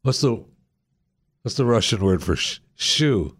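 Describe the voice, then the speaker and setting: A man's voice: fairly low pitch, normal speed, slightly rough, no echo, clean studio sound. A man hosting a radio talk show, chatting casually and jokingly and often repeating himself.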